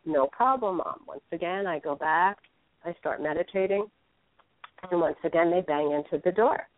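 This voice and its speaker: A woman with a somewhat low voice tells a story earnestly as a guest in a radio conversation. The sound is narrow and phone-like, with no room echo at all. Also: moderate pace. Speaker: spiritual teacher, guest. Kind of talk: casual radio interview talk.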